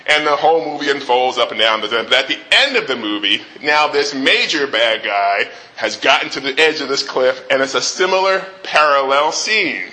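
A man retelling a movie scene in an animated way before making his point. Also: mid-range voice, moderate pace, few pauses, poor audio. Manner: animated retelling with restarts and acted quotes. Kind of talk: storytelling lead-in to a talk.

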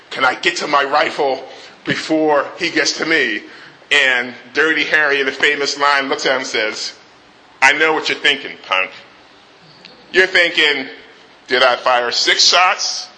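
Man with a bright, forceful voice retelling. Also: mid-range voice, low-quality recording. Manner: animated retelling with restarts and acted quotes. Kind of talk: storytelling lead-in to a talk.

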